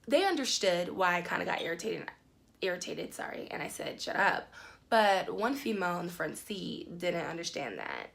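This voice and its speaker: A young woman vlogger telling a story in a casual, animated way, full of fillers, her voice climbing high when she gets indignant. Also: brisk, vocal fry. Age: young adult.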